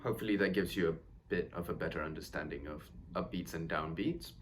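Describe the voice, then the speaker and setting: A man's voice: deep voice, fast, soft background music. A man teaching a violin lesson, counting beats aloud and explaining patiently with encouraging words. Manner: reassuring, encouraging. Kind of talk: step-by-step instrument lesson. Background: violin playing.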